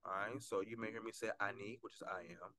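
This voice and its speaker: A man giving a casual Hebrew lesson, reading a prayer slowly and carefully, then explaining in a loose, relaxed way with many fillers. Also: on the low side. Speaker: Hebrew teacher.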